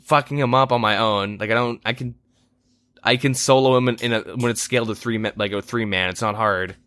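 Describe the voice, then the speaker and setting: A man's voice: medium pitch, fairly even intonation, brisk, fairly bright tone, no echo, clean studio sound. A man co-hosting a casual gaming podcast, telling a long rambling story with lots of swearing and exasperated asides. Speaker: podcast co-host.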